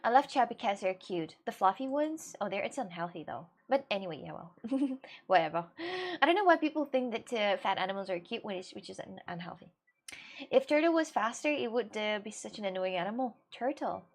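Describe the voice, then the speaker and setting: A woman's voice: mid-range voice, lively intonation, a little fast. A young woman whose first language is Russian, livestreaming and chatting casually with her viewers, scattered and giggly, often laughing and restarting her sentences. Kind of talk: casual chat with live viewers.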